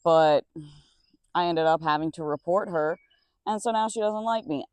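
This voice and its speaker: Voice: medium pitch, moderate pace, a little mellow, no echo. A young adult nursing assistant telling a casual storytime outdoors, rambling and blunt and swearing freely. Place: outdoors with crickets around.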